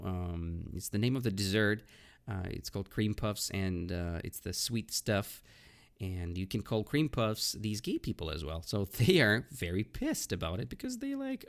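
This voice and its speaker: Animated low-voiced man teaching vocabulary. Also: unhurried, gravelly. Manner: explains with frequent "right?" and "okay?" checks; hesitant, with many "uh" and "um" fillers. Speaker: English teacher, podcast host. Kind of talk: casual vocabulary lesson.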